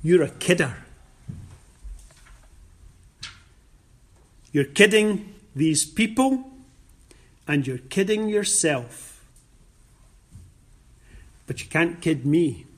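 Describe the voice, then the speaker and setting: A man preaching a sermon voices the devil as an accusing, taunting male figure, speaking in a hushed, sneering way. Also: a little high, lively intonation, takes it slowly, pauses often.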